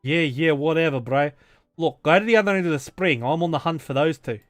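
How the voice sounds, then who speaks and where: A man's voice: on the high side, brisk, dry recording, studio quality, faint music behind, lightly acted. A man putting on a brash Italian-Australian bro. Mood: cocky flirting. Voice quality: loud, blokey, calls everyone bro.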